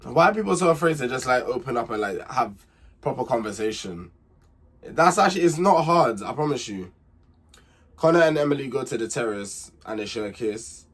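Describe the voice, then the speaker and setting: A man's voice: medium pitch, animated, brisk, fairly bright tone, husky. A young man hosts a casual reality TV recap, chatty and candid, repeating himself and getting emphatic when he gives his opinions.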